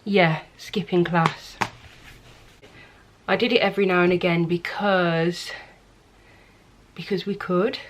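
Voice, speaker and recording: A woman's voice: on the low side, fairly even intonation, slow pace, long pauses, slight background noise. A young woman with a Birmingham accent chatting candidly to camera about herself in a casual vlog recorded at home. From England. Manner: chatty, candid, self-deprecating. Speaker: vlogger. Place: indoors at home. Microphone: camera mic.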